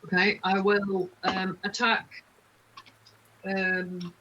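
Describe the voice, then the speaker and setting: A woman's voice: mid-range voice, flat delivery, extremely slow, bright, forceful tone. Playful woman playing a tabletop game. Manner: playful, teasing. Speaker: player. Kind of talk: casual tabletop play. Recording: dull lo-fi with faint noise.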